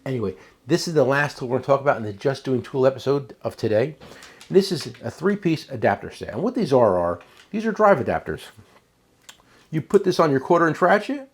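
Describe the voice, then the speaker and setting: A man's voice: medium pitch, big pitch swings, fast talker, breathy edge. A man with a New Jersey accent hosting a casual tool show, rambling and joking with his cohost. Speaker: tool shop owner and show host. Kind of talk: casual product chat.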